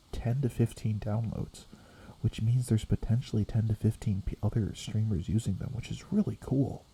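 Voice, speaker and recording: A young man streaming as a VTuber, rambling softly in a quiet ASMR chat that slips into whispers. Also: on the low side, vocal fry, slight background noise. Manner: soft rambling, drifting between quiet voice and whisper.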